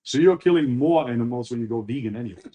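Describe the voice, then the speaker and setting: Mellow-voiced man explaining at length. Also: mid-range voice, quick pace. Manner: steady, explanatory, lecturing. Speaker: interview guest. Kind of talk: casual interview chat.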